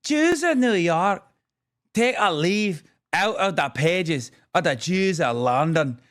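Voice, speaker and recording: A man voicing a preachy, hectoring woman activist in a put-on Israeli accent, drawn-out and emphatic. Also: high voice, expressive, a bit bright, exaggerated voice. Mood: warning. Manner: slow, drawn-out, emphatic proclaiming.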